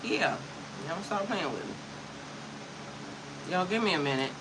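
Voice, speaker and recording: A spiritual coach in her fifties livestreams to her chat through a computer mic, sassy and profane and laughing frequently. Her voice is on the low side, sing-song and a little slow, over a noisy background.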